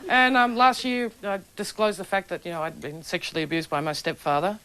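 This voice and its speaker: A young adult woman telling a stand-up story in a dry, deadpan way to a laughing live audience. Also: on the low side, brisk. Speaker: comedian. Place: stage before a live audience. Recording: lo-fi old television recording with loud hiss.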